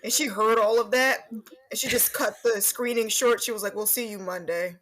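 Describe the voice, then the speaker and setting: A woman co-hosting a podcast, telling stories casually with a wry, deadpan manner. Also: fairly high pitch, normal speed, rough recording. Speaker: podcast co-host. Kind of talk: casual chat.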